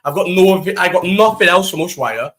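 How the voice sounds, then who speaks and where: A young man telling an animated, swear-filled story while chatting to a live stream audience. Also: sits high, moderate pace. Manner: animated, swears freely, talks to live chat. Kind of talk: casual storytelling chat.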